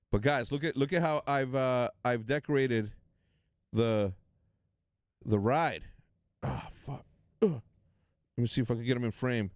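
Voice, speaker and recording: A man's voice: medium pitch, no echo, studio quality. A man in his forties, a native Spanish speaker, hosting a watch-party stream in loose, rambling casual chat. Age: 40s. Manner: loose, rambling, swears, repeats words.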